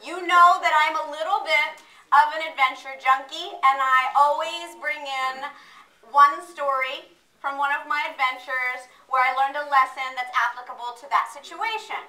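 Woman presenter, energetic and playful with a live crowd; high voice, bright, caught from across an echoey room. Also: moderate pace. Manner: energetic, playful, talks with the audience. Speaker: workshop presenter. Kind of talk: motivational training talk. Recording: echoey room, distant mic.

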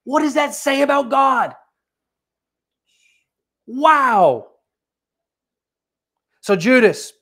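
Animated conversational preacher. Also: high voice, drawn-out words, pauses often. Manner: conversational and animated, with asides and direct questions to listeners. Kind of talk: sermon. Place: church.

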